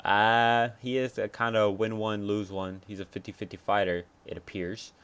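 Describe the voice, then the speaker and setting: A young MMA fight-picks commentator gives a loose, unscripted breakdown of upcoming fights in a fairly low, smooth, fairly bright voice with little pitch movement at normal speed. He rambles and swears freely, thinking aloud and second-guessing and changing his picks as he goes.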